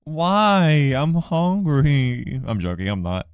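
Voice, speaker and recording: A man streaming a game live, talking in casual banter, mostly drowsy and mumbling but breaking into loud excited outbursts, teasing his co-host. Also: fairly high pitch, slow pace, clean tone, no room sound. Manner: playful teasing.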